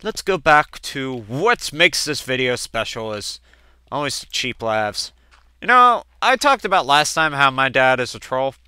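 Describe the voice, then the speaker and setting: A man of twenty doing casual let's-play gameplay commentary, chatting and telling family stories in which he acts out quoted relatives with sudden jumps in pitch. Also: very animated, a little slow, pushed and bright, clear, resonant tone, no echo, studio quality. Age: 20s.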